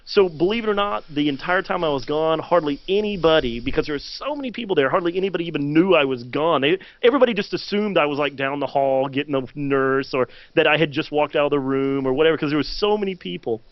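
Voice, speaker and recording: A high-voiced man tells a story with lots of fillers, jumping into loud, animated quotes. The sound is dry and close with no room around it, and the audio comes through dull and lo-fi, like a live stream. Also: fast talker, few pauses, no echo. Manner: animated, many fillers, acts out quotes loudly. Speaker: podcast co-host. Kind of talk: casual storytelling chat.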